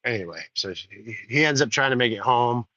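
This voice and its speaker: A man's voice: medium pitch, animated, brisk, bright, forceful tone, no echo. A man hosting a rambling walk-and-talk livestream outdoors by rice fields, chatty and digressive, on a dull lo-fi recording. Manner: digressive, chatty, folksy asides. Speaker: host.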